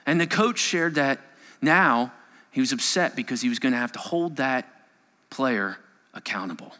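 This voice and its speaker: A male pastor preaching a sermon, telling a story that swings between hushed moments and raised, urgent passages. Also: mid-range voice, expressive, normal speed. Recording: long hall reverb.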